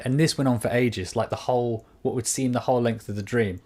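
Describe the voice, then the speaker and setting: A man's voice: mid-range voice, fairly even intonation, quick pace, a little mellow. A man from the United Kingdom co-hosting a podcast, talking casually and acting out quoted voices as he tells a story. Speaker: podcast co-host. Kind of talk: casual chat. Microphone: studio microphone.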